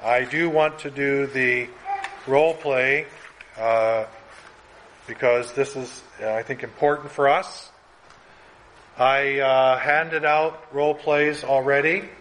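A man teaching a class in a classroom. He talks in an earnest, conversational way, now and then quickening as he acts out an example. His voice sits in the middle range, with a faint background hiss. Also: mid-range voice, steady tone, a bit bright, rough recording. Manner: earnest, conversational, speeds up when acting out examples.

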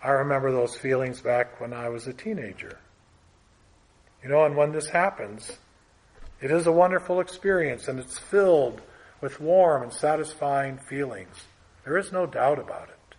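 A man preaching a sermon in a measured, emphatic way, letting his voice fall away softly at the end of phrases. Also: medium pitch.

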